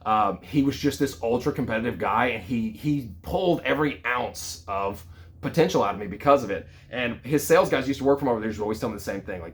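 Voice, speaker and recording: A man in his thirties with a mid-range voice tells a personal story in a relaxed, conversational way. His delivery is lively and full of casual fillers, like a sales leader talking to his team. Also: medium pitch, quick pace.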